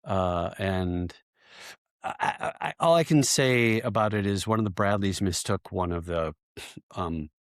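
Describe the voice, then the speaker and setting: Animated veteran man telling stories. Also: sits low, measured pace, dry recording, studio quality. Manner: animated storyteller who acts out shouted quotes and often laughs. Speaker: podcast guest, military veteran. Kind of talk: casual interview storytelling.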